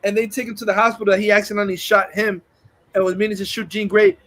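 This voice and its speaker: A man's voice: high voice, level tone, fast, fairly bright tone. A man hosting a livestream, casually retelling a movie scene by scene in a rambling, profane way and acting out the quotes. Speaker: livestream host. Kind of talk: casual movie review chat.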